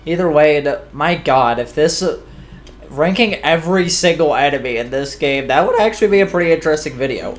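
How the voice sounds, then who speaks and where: A man's voice: on the high side, normal speed. Chatty man rambling over gameplay. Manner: chatty, rambling, self-deprecating. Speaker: gaming YouTuber. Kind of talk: casual gameplay commentary. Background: faint game music.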